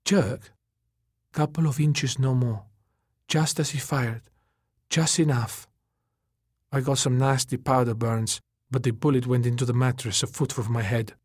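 Guy doing a soft husky lady in a storybook, calm and wry, dry close sound. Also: medium pitch, a little slow, no room sound. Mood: matter-of-fact.

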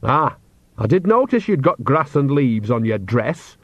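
A man's voice: mid-range voice, big pitch swings, measured pace, dry recording, muffled recording. A man reading aloud and voicing a cheerful, bawdy old witch woman with a blunt, teasing manner.

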